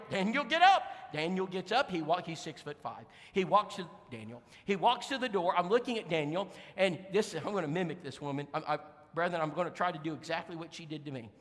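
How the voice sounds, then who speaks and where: A man preaching in a bright, high voice, his pitch leaping up and down as he tells a story. He speaks folksy and emphatic, and the sound lingers in a long church hall reverb. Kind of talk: sermon storytelling. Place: church sanctuary.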